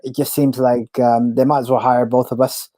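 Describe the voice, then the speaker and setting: A man's voice: medium pitch, flat delivery, normal speed, mellow, no echo. A man co-hosting a wrestling podcast, blunt and opinionated, stammering as he starts his points. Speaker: podcast co-host. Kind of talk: casual wrestling chat.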